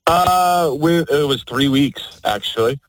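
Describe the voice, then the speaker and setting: A man calling in to a radio show, relaxed and upbeat. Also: fairly high pitch, slow pace, no room sound, poor audio. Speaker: caller. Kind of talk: phone-in chat.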